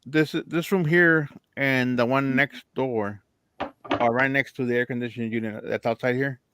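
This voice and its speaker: A man's voice: mid-range voice, steady tone, normal speed, a bit bright, smooth. A man chatting casually on a stream, with dry quips. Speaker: live stream panelist. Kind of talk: casual chat.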